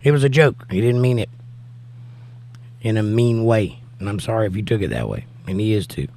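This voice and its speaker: Male livestream host, hoarse and nearly out of voice, relaxed and jokey, casual chat. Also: lowish voice, brisk, a little hiss or hum. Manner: easygoing and jokey, talking straight to viewers. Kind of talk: casual livestream chat, reading viewer comments aloud.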